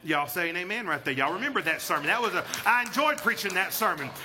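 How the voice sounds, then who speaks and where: A man's voice: high-pitched, expressive, fast talker, slight background noise. A man, a pastor preaching a sermon in church and calling for amens from the congregation. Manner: call-and-response preaching, rising to shouts. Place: church sanctuary.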